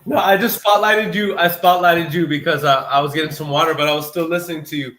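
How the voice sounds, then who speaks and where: A man with a fairly high voice coaches on a live video call, animated and fond of repeating himself for emphasis. His voice rings around an echoey room. The call has a loose, casual chat feel. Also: fast. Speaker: host and sales coach.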